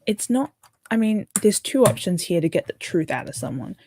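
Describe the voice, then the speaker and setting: A woman's voice: fairly low pitch, sing-song, moderate pace, dark tone, slight background noise. A tired young Australian woman hosting an early-morning livestream, rambling casually and answering viewer comments as she builds. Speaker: livestream host.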